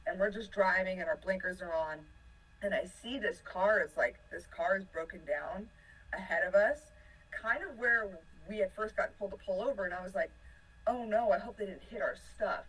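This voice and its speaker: A woman from a touring band telling an animated story in a casual interview, laughing often and swinging between excitement and panic. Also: lowish voice, breathy edge, far from the mic, rough recording. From United States. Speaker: band member.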